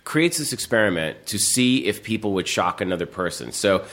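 In a casual chat, this podcast guest speaks at a moderate pace in a lowish voice. He spins an animated story, voicing the characters' lines himself.

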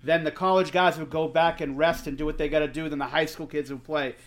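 Animated, swearing storyteller man. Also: a little high, quick pace. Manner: animated storyteller, swears freely, acts out quotes. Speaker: podcast co-host. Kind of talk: casual storytelling chat.

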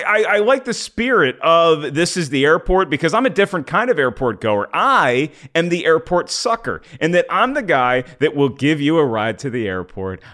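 A man's voice: on the high side, fairly bright tone. A man co-hosting a podcast, giving wry, rambling opinions about a film. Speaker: podcast co-host. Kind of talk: casual film discussion.

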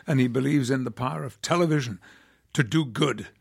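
An older man, an actor, telling stories in an interview with measured, wry delivery and a gravelly, husky voice. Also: medium pitch. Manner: measured storytelling with wry laughs. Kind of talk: conversational anecdotes.

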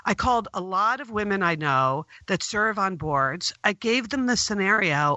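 A middle-aged woman telling a long story as a guest on an interview podcast, recounting events in an animated way. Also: medium pitch, normal speed, few pauses, no echo, muffled recording.

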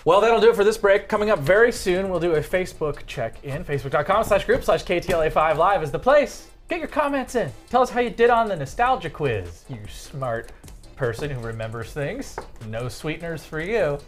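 A man's voice: sits high, lively intonation, fairly quick, faint music behind. A man co-hosting a TV news talk show, reading short news items and trading jokey asides with his co-hosts. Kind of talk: casual studio banter and news reading.

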